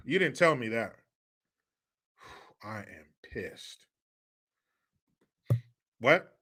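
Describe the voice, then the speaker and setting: Man, live-stream commentary, sarcastic, mocking, profane, sharp bright tone. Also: mid-range voice, big pitch swings, a little slow, long pauses. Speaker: livestream commentary host.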